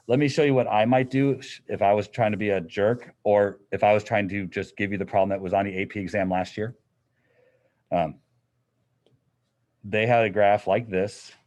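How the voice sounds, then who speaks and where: Low-voiced man teaching a class. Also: fairly even intonation, moderate pace, a little mellow. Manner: casual, conversational explaining. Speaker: physics teacher. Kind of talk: classroom lecture.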